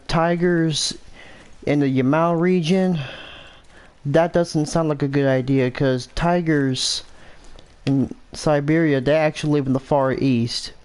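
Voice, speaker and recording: A man's voice: on the high side, a little mellow. An American man giving casual, rambling commentary over a hunting game, thinking aloud and correcting himself as he goes. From United States. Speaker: gameplay commentator.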